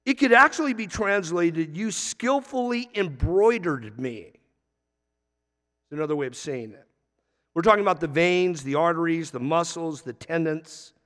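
A man preaching in a church, his somewhat high voice carrying a long reverb tail through the sanctuary. He reads scripture in slow, drawn-out phrases, then lifts into emphatic, energetic points before settling again. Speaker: pastor. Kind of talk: sermon.

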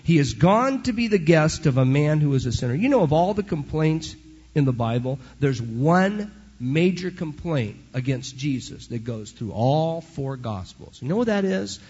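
A middle-aged man, a pastor, preaching a sermon in an animated, conversational way with storytelling asides and a husky voice. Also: fairly high pitch, moderate pace. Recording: dull lo-fi recording.

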